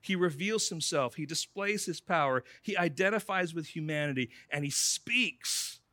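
A man's voice: fairly high pitch, animated, normal speed, pushed and bright, no echo. A man preaching a sermon in a conversational way, calling his listeners friends. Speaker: pastor.

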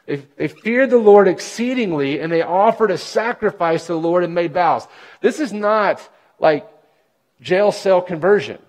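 Guy preaching a sermon, fairly high voice, reads verses then gets loud and punchy, then drops quiet. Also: expressive, a little slow. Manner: reads scripture aloud then explains it with emphatic, rising bursts. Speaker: pastor.

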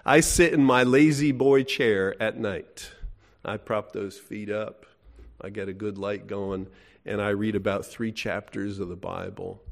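A man's voice: fairly low pitch, fairly even intonation, unhurried, creaky. A middle-aged man preaching a sermon in a folksy, emphatic way, asking his listeners questions. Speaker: pastor.

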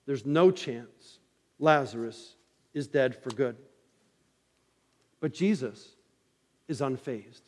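A man preaching a sermon as pastor, telling the story with dramatic rises and hushed drops. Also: high voice. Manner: dramatic storytelling preacher, rising and falling intensity. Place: church sanctuary. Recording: long reverb of a church hall.

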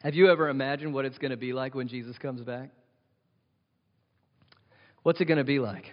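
A man's voice: mid-range voice, brisk. A man preaching a sermon as pastor, earnest and conversational, lifting his voice for emphasis. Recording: dull sound with long hall reverb.

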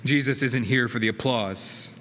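A man's voice: medium pitch, moderate pace, a bit bright. A male pastor preaching a sermon in a church, earnest and emphatic, with rhetorical questions. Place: church sanctuary. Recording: reverberant hall with faint noise.

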